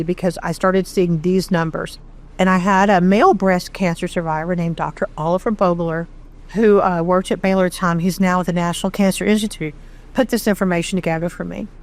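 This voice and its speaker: A middle-aged woman from Texas tells her own story as an interview guest, candid and animated, with a self-deprecating streak. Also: on the low side. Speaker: charity founder, interview guest. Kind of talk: conversational storytelling.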